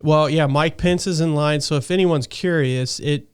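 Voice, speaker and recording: A man, chatting casually as a podcast host. His voice is smooth and resonant, and he rambles from point to point with easy laughter. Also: on the high side, normal speed.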